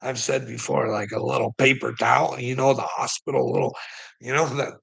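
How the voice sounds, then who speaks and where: A man's voice: mid-range voice, level tone, fairly quick, gravelly, fairly bright tone, husky, poor audio. A man telling a rambling personal story to a relative, swearing constantly and laughing often.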